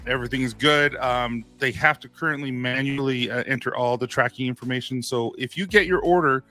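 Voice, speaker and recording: A man's voice: mid-range voice, a little fast, sharp tone, soft background music. A man hosting a casual live stream, upbeat and chatty, greeting viewers by name.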